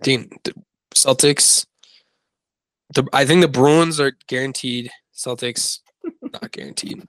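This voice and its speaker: A man's voice: medium pitch, fairly even intonation, slow, a bit bright, dry recording, poor audio. Man, podcast co-host, casual rambling chat, self-correcting, dry close sound. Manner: rambling, stumbles and corrects himself. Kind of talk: casual sports-betting chat.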